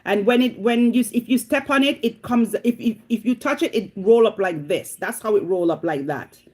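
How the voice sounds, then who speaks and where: Her fairly high voice has a breathy edge and moves at a normal speed. This middle-aged woman from Jamaica vlogs casually with a Jamaican accent, dramatizing her story with animated exclamations.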